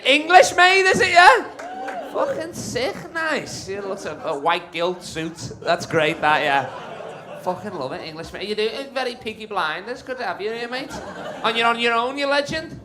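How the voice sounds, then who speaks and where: A man with a high-pitched voice works the room at a comedy club, firing off brash, sweary banter at the audience. His voice comes through a stage mic, with a live crowd audible behind it. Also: normal speed. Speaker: stand-up comedian. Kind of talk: live stand-up crowd work.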